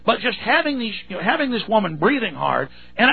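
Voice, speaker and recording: Raspy, creaky-voiced man ranting on talk radio. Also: extremely high pitch, big pitch swings, fast, hardly any pauses, no room sound. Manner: rambling, indignant storytelling with many restarts. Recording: tinny phone-like radio sound.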